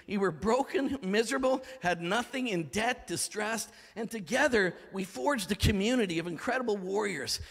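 A man preaching a sermon as pastor, dramatic, swinging from shouting to hushed tones. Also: sits high. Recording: reverberant hall.

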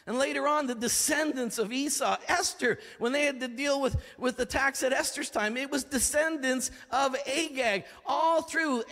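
Man, pastor, very high voice, dramatic sermon delivery, big reverberant hall. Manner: dramatic, swings from shouting to hushed.

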